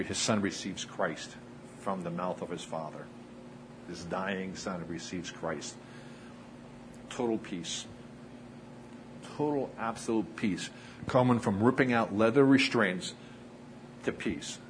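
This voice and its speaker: A man preaching a sermon, telling stories earnestly with frequent pauses and acted-out dialogue. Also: deep voice, a little hiss or hum, poor audio. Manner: earnest, pauses often, acts out quoted dialogue. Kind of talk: sermon storytelling.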